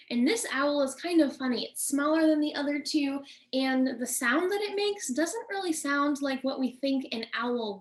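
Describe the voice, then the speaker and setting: A woman with a fairly high voice leads a children's nature lesson. She speaks slowly and warmly, turning often to the young viewers to draw them in. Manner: friendly, slow, addressing kids directly. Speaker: nature educator.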